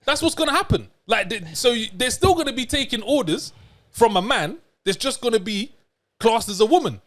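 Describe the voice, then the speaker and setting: A man's voice: extremely high pitch, very animated, a little fast, fairly bright tone. A man, co-hosting a casual podcast chat in a slangy, chatty way. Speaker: podcast co-host.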